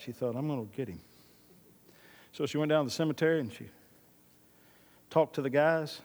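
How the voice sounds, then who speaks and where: In a church with the long reverb of a large hall, a man with a medium-pitched, darkish voice preaches a sermon as pastor. He is emphatic, repeats his key lines, and weaves in folksy stories.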